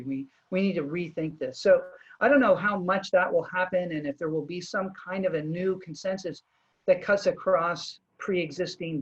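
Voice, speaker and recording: A man's voice: fairly high pitch, muffled recording. A man hosting a video call interview, thinking aloud with many restarts and fillers. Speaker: host.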